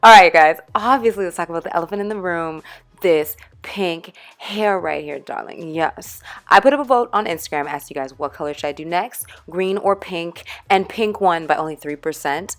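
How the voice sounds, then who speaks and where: A woman's voice: lowish voice, normal speed. A young woman vlogging a chatty hair-dye tutorial, bubbly and playful, calling her viewers darling. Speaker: beauty vlogger.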